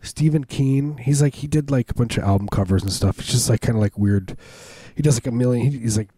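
A man's voice: medium pitch, brisk, warm tone, slightly rough, dry recording. A man co-hosting a podcast in casual, rambling, jokey chat with frequent restarts. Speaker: podcast co-host.

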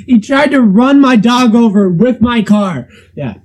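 Young man, co-host, high husky voice, rambling joker. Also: expressive, unhurried, darkish tone, low-quality recording. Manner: rambling, jokey, lots of fillers. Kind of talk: casual chat, storytelling.

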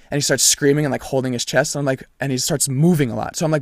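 A young man tells a gripping story in loose, conversational chat. He swears a lot and jumps into quoting the people involved. His voice sits at an ordinary pitch for a man, recorded close and dry with no room sound. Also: very fast, dry recording. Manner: animated, profane, reenacts dialogue.

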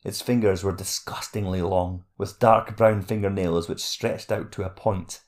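A man narrating a fantasy audiobook chapter in a steady, measured reading voice. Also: low voice.

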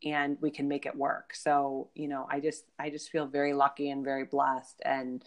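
A woman's voice: rumbling low, monotone, moderate pace. A woman in her thirties, a guest in a casual conversation, talking in an upbeat, chatty way full of "you know".

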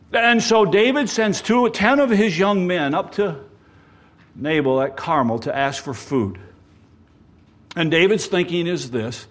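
A male preacher giving a sermon, swinging between loud emphasis and quiet asides and speaking directly to the congregation. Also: on the high side, animated, measured pace.

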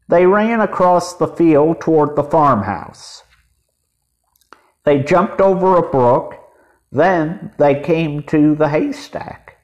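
A man reading a children's storybook aloud as narrator, in a measured way. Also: fairly high pitch, animated, a little mellow. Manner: measured, deliberate.

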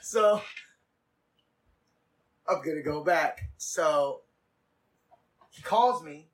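A man hosting a casual podcast, telling a rambling, profane story in quick bursts. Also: fairly high pitch, distant mic, rough recording. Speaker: podcast host.

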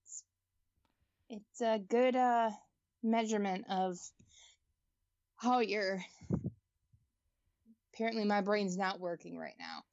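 A woman's voice: medium pitch, fairly even intonation, slow pace, pauses often, darkish tone, no echo, lo-fi sound. A woman co-hosting a casual podcast, exclamatory and laughing often. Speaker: podcast co-host. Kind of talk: casual chat.

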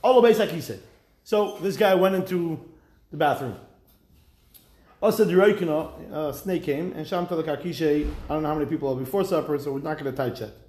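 Speaking fairly quickly in a somewhat high voice, a man leads a Talmud class, rendering each phrase into translation before spinning it into an animated tale with dry side comments. A clear room echo surrounds the recording.

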